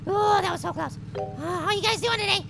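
A squeaky gravelly little cartoon apple. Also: male voice, brisk. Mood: frustrated. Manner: excitable, frustrated outbursts, silly alliterative exclamations. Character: tiny hyper male apple cartoon character. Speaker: let's play gamer. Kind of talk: cartoon character game commentary. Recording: loud music under the voice.

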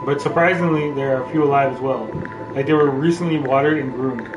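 Talking fast in a medium-pitched voice, this let's play host jokes around, rambles, and reads in-game text out loud during a relaxed gameplay session. The mic is distant, giving a roomy off-mic sound, and game music plays behind him.

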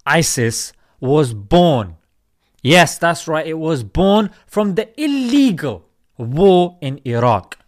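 A man's voice: fairly high pitch, big pitch swings, slow pace. A man delivering an emphatic opinion monologue on current events, firing off rhetorical questions. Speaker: commentator.

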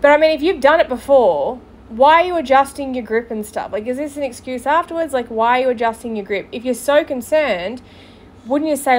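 A woman's voice: high voice, expressive, brisk, slight background noise. A woman hosting a podcast, reacting bluntly to played clips with profane, sarcastic commentary. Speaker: podcast host.

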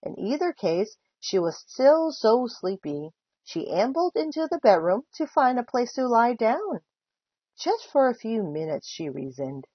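Woman reading a kids' story, lively swooping pitch, husky tone, dull dry recording. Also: a little slow, no echo. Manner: expressive storytelling. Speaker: volunteer reader. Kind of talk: reading a children's book aloud.

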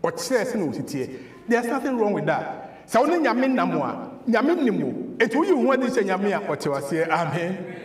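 A man with a Ghanaian accent preaching a sermon as pastor, animated and repeating words for emphasis. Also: high voice, moderate pace. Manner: switches between English and Twi, animated preaching with repeated words. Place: church hall. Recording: echoey church hall.

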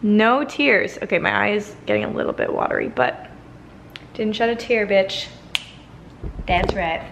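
A woman's voice: medium pitch, unhurried, vocal fry. A young woman in her twenties chatting casually to her camera at home, giggly and self-mocking. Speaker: vlogger. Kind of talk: casual vlog chat to camera. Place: home kitchen and small room, indoors. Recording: noisy home camera audio.

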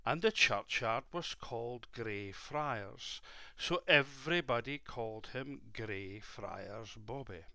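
A man reading a story aloud to a young child, gently asking the child questions along the way. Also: mid-range voice, dry recording, studio quality.

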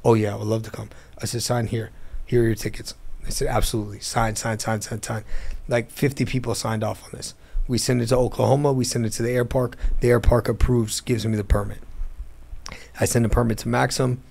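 Briskly and in a gravelly, medium-pitched voice, a man relates his business story during a casual interview. Recorded in an airplane hangar, he's animated throughout and performs the voices of the people in his account.

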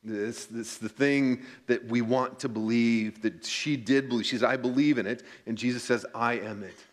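A pastor reading scripture aloud in church and reflecting on it in an earnest sermon, slowing down to stress key points. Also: male voice, mid-range voice, fairly even intonation. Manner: earnest, reads scripture then reflects, slows for emphasis.

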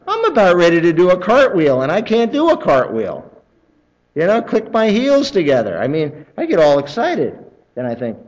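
A male pastor preaching a sermon in a church, conversational and animated, acting out other people's excited voices. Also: on the high side, rough recording. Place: church sanctuary.

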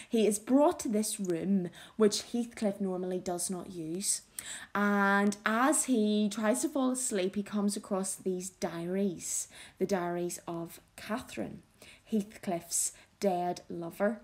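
A woman teacher reading a novel aloud and explaining it, in a measured, expressive storytelling manner. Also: mid-range voice.

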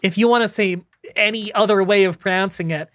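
A woman's voice: mid-range voice, a little fast, no room sound. A woman hosting casual multiplayer gameplay commentary from her home studio, chatty and prone to rambling anecdotes with casual swearing. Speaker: gaming channel host.

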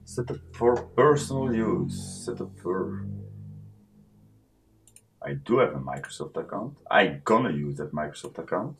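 A low-voiced man talks himself through a computer setup at a slow, unhurried pace. His pitch swings widely as he reads menu options aloud and answers them. It is casual, off-the-cuff screen-recording commentary from a home desk. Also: lively intonation, soft background music. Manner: thinking aloud while clicking through setup menus. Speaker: tech channel host.

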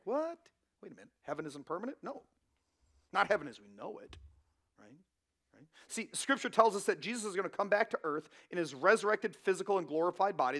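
A man's voice: high voice, bright, forceful tone. A male pastor preaching a sermon in a conversational, emphatic way, often checking in with the congregation.

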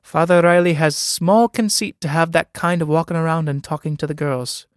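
Man doing a timid young farmer suitor, uneasy, hesitant, slightly high voice, dry. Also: fairly even intonation, brisk, smooth, dry recording, natural voice. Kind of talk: dramatic play reading.

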